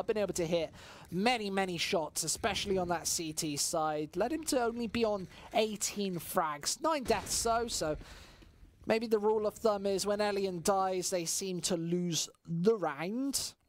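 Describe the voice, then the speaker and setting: A woman from the West Midlands calls a match with her own local accent. She chats loosely with viewers between rounds. She bursts into loud excitement whenever a big play happens. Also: mid-range voice, a little hiss or hum. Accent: West Midlands English. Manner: swings from relaxed chat-reading to shouting excitement at big plays. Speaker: esports caster. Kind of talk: solo play-by-play commentary on a stream.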